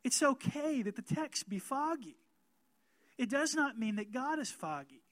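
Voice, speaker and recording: A man preaching a sermon as pastor, emphatic and calling out amens to the congregation, growing louder and more animated. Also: extremely high pitch, unhurried, dry recording.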